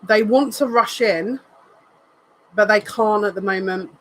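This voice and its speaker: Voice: medium pitch, measured pace, low-quality recording. Earnest emotional tarot reader. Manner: earnest, repeats phrases, thinks aloud; emotional, says they are near tears. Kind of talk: live tarot card reading.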